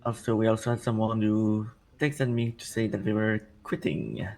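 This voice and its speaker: Groggy man, gravelly fry, matter-of-fact role-play chat. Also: lowish voice, flat delivery, moderate pace, darkish tone. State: groggy morning voice.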